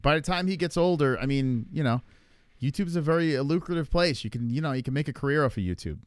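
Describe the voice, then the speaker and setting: Lively, rambling male streamer, dry sound. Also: on the high side, quick pace, clear, resonant tone, no echo. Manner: rambling, swearing, laughing at chat, many restarts. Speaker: livestream host. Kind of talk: casual live-stream chat reading viewer comments.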